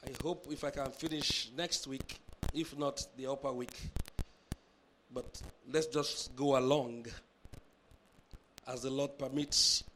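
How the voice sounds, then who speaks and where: A man with a Nigerian accent, preaching a sermon and reading scripture in a measured, emphatic way. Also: mid-range voice, a bit bright, slight background noise. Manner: measured, with emphatic drawn-out phrases. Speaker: pastor.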